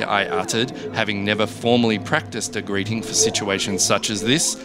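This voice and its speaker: A man reading a comic first-person story in a dry, deadpan way. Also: fairly low pitch, normal speed, hardly any pauses. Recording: background music.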